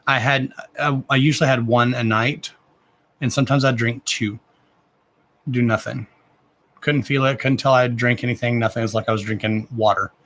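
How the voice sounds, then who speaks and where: A man's voice: mid-range voice, a bit bright. A man in his thirties chatting casually on a live stream as a card reader, rambling, with frequent restarts and loose swearing. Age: 30s.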